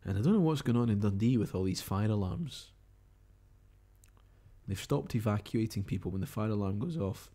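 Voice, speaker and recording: Covering overnight results live, this Scottish radio-style host chats and muses while reading tweets, updates and messages aloud. His lowish, mellow voice is animated, at normal speed, with frequent pauses.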